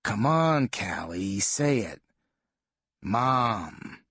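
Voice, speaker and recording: A man voicing a low, menacing abusive dad. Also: big pitch swings, extremely slow, a bit bright, husky, no room sound, clean studio sound, heavily acted. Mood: coaxing. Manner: coaxing then harsh and menacing. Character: abusive, short-tempered father, grown man.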